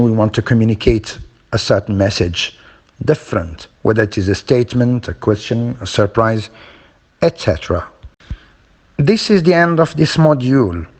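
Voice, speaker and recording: A man teaching a phonology lesson, demonstrating intonation by acting out example sentences. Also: medium pitch.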